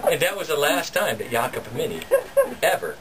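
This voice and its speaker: A man telling a folktale live at a bookstore, animated and chuckling, with sound effects. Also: on the high side, brisk. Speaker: storyteller. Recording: distant camera, noisy bookstore.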